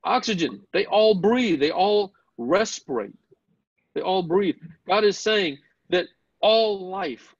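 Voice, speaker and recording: A man lectures to a Bible class, earnest and openly excited about his point, and he keeps turning questions back to his students. His voice sits at a middle pitch with a gravelly edge. The recording is dry and dull, with a lo-fi sound. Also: slow pace, no echo.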